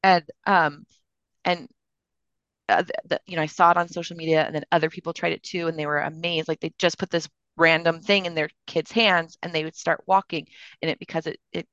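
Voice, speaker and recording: A middle-aged or older woman and grandmother, co-hosting a podcast in casual chat, halting with fillers and quick laughs. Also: low-pitched, fairly even intonation, fairly bright tone, no room sound. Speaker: podcast co-host. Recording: dry, dull lo-fi sound.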